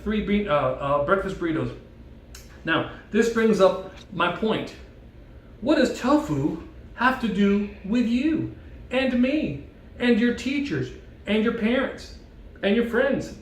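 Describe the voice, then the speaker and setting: A man giving a playful devotional talk with props, telling a story in a jokey, animated way. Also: high-pitched, slight background noise. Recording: echoey room, mic at a distance.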